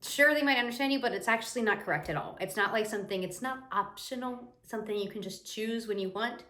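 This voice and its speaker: A woman's voice: on the high side, quick pace. Chatty young woman teaching, echoey room. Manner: lively, chatty, imitates the viewer's reactions. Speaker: Spanish teacher. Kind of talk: casual explanatory lesson.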